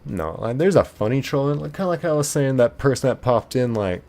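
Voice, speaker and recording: A man's voice: medium pitch, animated, fairly quick, gravelly, a little mellow. A man hosting a live stream in casual chat, reading viewer comments aloud and answering them in a rambling way, full of filler "like"s.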